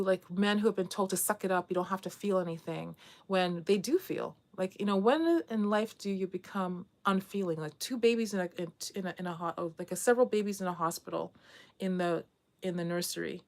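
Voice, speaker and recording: A middle-aged woman vlogging casually to camera, talking candidly and rambling with frequent restarts. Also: mid-range voice.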